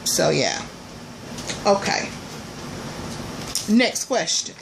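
A woman vlogger chatting casually and playfully to her viewers, calling them y'all, with loud bursts between quieter asides. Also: medium pitch, normal speed, noisy background. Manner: animated, swings between soft asides and loud exclamations.

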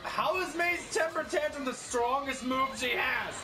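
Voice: high-pitched, a little slow. A gamer commenting on their own play, incredulous, repeating questions and breaking into laughter. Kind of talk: casual gameplay commentary. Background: game music.

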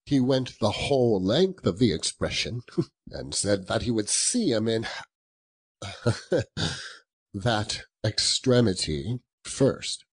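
Male narrator, storybook reading, slow, expressive, husky. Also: on the low side. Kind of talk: audiobook narration.

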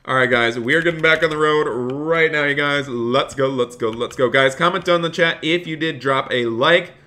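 A man with a bright, forceful voice streams a police role-play game live. He keeps up an upbeat, chatty stream of talk, thanks viewers by name and slips into a polite officer role when he talks to players. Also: fairly high pitch, moderate pace.

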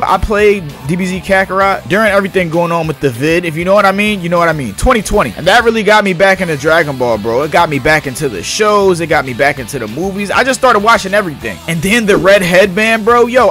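A young man commentating a game on his channel, talking in a high, bright voice that swings all over the place, full of slang and sudden outbursts at the screen. Faint music plays under his talk. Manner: excitable, slangy, hypes and yells at the game. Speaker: gaming YouTuber. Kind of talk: casual let's-play commentary.

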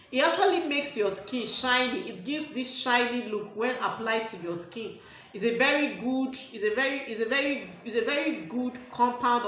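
Nigerian woman reviewing products in casual talk, somewhat high-pitched, heavily echoing room. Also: a bit bright. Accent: Nigerian English. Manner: repeats words and restarts phrases while explaining. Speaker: skincare vlogger. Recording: very echoey room.

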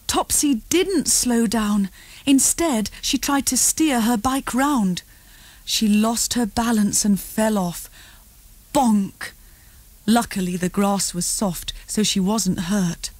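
A woman reading a children's storybook aloud, with slow, tuneful storytelling. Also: fairly high pitch, a little mellow, no room sound. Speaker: audiobook narrator.

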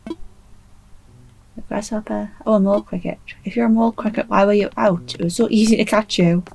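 A woman's voice: medium pitch, fairly even intonation, moderate pace, gravelly, darkish tone, rough recording. A woman casually commenting while playing a video game, chatty and self-mocking, still a bit sleepy. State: sleepy, trying not to yawn. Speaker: gaming YouTuber.

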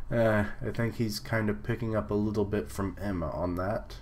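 A man's voice: on the low side, steady tone, moderate pace, slight background noise. A young man reading manga panels aloud and commenting in a casual live reaction, with frequent fillers and little laughs.

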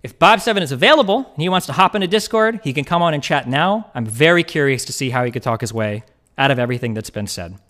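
Fast, emphatic man streaming. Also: medium pitch, expressive, fairly bright tone. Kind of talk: heated livestream rebuttal.

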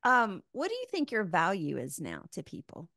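A woman's voice: lowish voice, huge pitch swings, vocal fry, bright, forceful tone, dry recording, clean studio sound. A woman hosting a podcast, asking questions and adding short affirmations. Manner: brief affirming interjections, then quick questions. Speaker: podcast host. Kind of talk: interview questions and chat.

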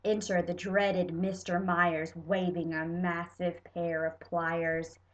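A woman's voice: fairly low pitch, takes it slowly, low-quality recording. A young woman with a stuffy nose, playfully reciting a children's poem as a storybook reading. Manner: playful, animated. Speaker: poetry reader.

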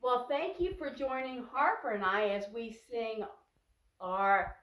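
A woman's voice: fairly high pitch, lively intonation, unhurried, fairly bright tone. An older woman leading small children through a farm-animal sing-along, asking patient, coaxing questions. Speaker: guest reading to children. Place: library. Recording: echoey room, far from the mic.

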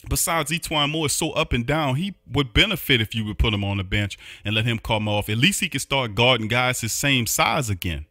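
A man's voice: mid-range voice, lively intonation, brisk, hardly any pauses, pushed and bright, no echo, clean studio sound. A man hosting a sports podcast, ranting heatedly with a New Orleans accent and repeating himself in frustration. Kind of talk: opinionated sports recap.

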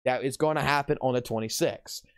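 A man's voice: mid-range voice, a little fast. A man hosting a game livestream, talking casually and ranting with heavy cursing. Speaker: game streamer, host.

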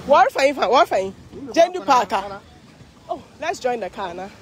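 At a street parade outdoors in the city, a Ghanaian woman livestreams her walk, worn out yet talkative and exclaiming. She speaks at a measured pace in a fairly high, sing-song voice.

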